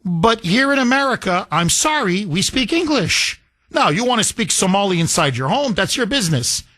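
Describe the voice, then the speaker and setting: A man's voice: high voice, bright, forceful tone. A man hosting a talk radio show, delivering a combative opinion monologue full of incredulous rhetorical questions, with a slight accent. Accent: slight foreign accent.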